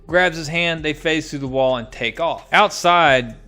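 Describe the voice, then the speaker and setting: A man recapping a comic book issue in a casual, animated way, acting out the characters' lines as he goes. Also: on the high side, a little slow, faint music behind. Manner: animated retelling, acts out quotes.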